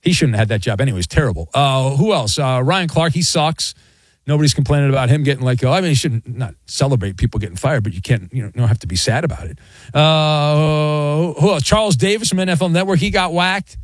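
A man's voice: a little high, animated, quick pace, no room sound. A man hosting a casual sports talk radio show, ribbing callers and cohosts.

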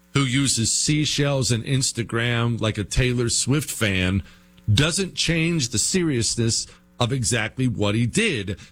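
A man's voice: mid-range voice, fairly bright tone. A man hosting a political talk show, delivering a combative, sarcastic monologue and hammering his points home with repetition.

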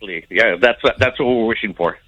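A man's voice: on the low side, moderate pace, pushed and bright, highs cut off. A man calling a radio show who rambles and hesitates, with many fillers as he talks. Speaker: radio caller. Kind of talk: casual phone call.

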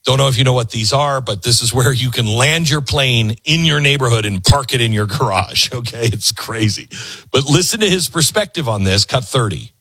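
A man's voice: mid-range voice, animated, normal speed, a bit bright, husky, dry recording. A man hosting a talk show, stopping played clips to comment on them emphatically. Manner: emphatic, preachy, cuts clips off. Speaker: radio talk show host.

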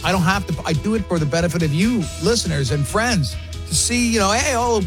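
A man hosting a casual sports radio show, telling lively stories and mimicking other people's voices. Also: sits high, fairly quick, soft background music. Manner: animated storyteller, mimics voices in quotes. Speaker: radio host.

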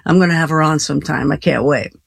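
A woman's voice: low-pitched, steady tone, fast, creaky, breathy edge, dry recording. A woman hosting a late-night call-in radio show, chatty and folksy, laughing easily between callers. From Colorado. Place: radio studio.

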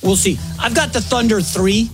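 A man in his forties filling in as host of a sports radio show, talking fast and excitedly with quick asides and self-corrections. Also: high voice, vocal fry, music in the background. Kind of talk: energetic sports talk.

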